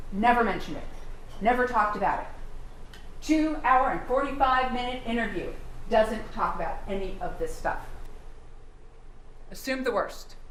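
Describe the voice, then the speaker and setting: A woman prosecutor delivers a courtroom closing argument in a slightly high voice, hammering the jury with pointed rhetorical questions. The sound is roomy and echoing, with a faint hum underneath.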